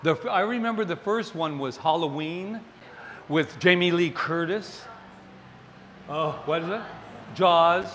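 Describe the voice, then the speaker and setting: A male minister preaches with playful, animated storytelling. His voice sits fairly high for a man. A long reverb from the sanctuary and faint ambience hang behind him. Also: measured pace, long pauses, a little hiss or hum. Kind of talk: sermon. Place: spiritual center sanctuary.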